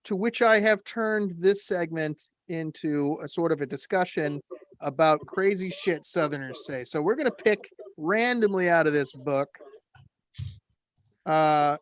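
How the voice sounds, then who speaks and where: A man's voice: a little high, unhurried, dry recording. A man from the northern United States hosting a casual podcast, wryly reading out country sayings and bantering with co-hosts. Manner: wry, reads sayings from a phrase book. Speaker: podcast host.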